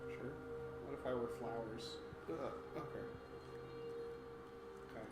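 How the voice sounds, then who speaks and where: A man's voice: mid-range voice, fairly even intonation, a little slow, reverberant, loud music behind the voice. A man hosting a casual game playthrough, joking wryly, swearing and laughing with a co-host. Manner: wry, swears, laughs a lot. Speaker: gaming let's play host.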